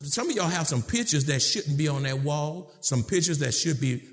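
A man preaching a sermon in a fairly high voice for a man. He drops low and slow to make his points, then climbs into shouted, emphatic questions. His phrasing is casual and direct, with words like "y'all". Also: lively intonation. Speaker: pastor.

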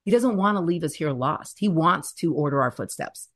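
A woman's voice: low-pitched, moderate pace. A woman in her fifties, a guest author, speaking earnestly and animatedly about faith, fear and scripture. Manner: earnest, animated storyteller who stretches key words. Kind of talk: faith-centered interview talk.

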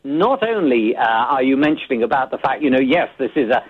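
Husky man on a tinny phone line. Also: medium pitch, animated. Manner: measured, thoughtful, many hesitations. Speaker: foreign correspondent. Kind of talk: phone-in news analysis.

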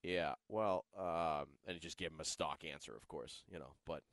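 A man sitting in as co-host on a sports radio show, lively and quick to laugh, stammering as he talks. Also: very deep voice, no room sound, studio quality.

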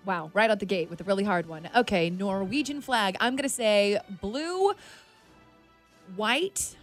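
A woman co-hosting a radio show, answering quiz questions with quick, playful reactions in the studio. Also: medium pitch, faint music behind. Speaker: radio co-host.

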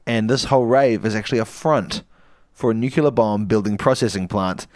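A man's voice: lowish voice, fairly quick, darkish tone, no room sound, studio quality. A man co-hosting a comedy podcast, narrating an improvised story in a rambling, playful way with frequent laughs.

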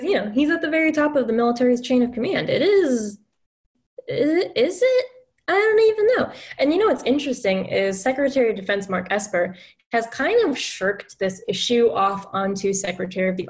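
A woman's voice: a little high, expressive, brisk. Woman reporter explaining her findings. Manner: explanatory and assertive. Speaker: reporter guest. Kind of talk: casual interview talk.

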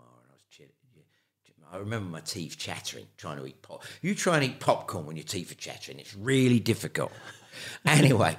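An older man with a London accent and a deep, low voice tells anecdotes in an interview. He talks animatedly, often restarting and repeating words as he goes. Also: a bit bright. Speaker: interview guest. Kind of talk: casual anecdotal storytelling.

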